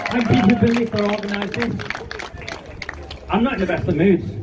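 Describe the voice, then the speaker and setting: A man's voice: sits high, normal speed, over a noisy crowd. A man, giving an angry, defiant speech at a street protest. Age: 50s. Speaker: campaigner speaking at a rally. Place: outdoor street rally. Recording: distant, muffled, noisy outdoor recording.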